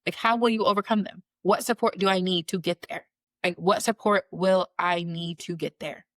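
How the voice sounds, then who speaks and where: A woman's voice: lowish voice, steady tone, normal speed, dry recording. A woman in her thirties, a career coach hosting her own show, talking earnestly and repeating phrases for emphasis. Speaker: career coach and podcast host. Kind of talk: motivational solo talk.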